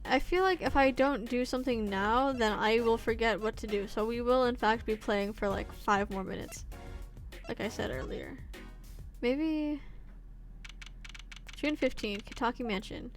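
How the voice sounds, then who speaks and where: A woman's voice: on the high side, measured pace, faint music behind. A young woman streaming a game, chatting casually and giggling between reading its text aloud. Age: young adult. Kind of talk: casual livestream gameplay chat.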